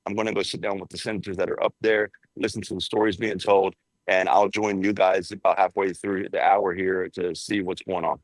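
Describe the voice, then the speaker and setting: A man reports as a correspondent in a lower voice. He makes blunt, emphatic points. The recording is dry, with no room echo. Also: level tone, a little fast. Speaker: Washington correspondent. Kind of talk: blunt political commentary.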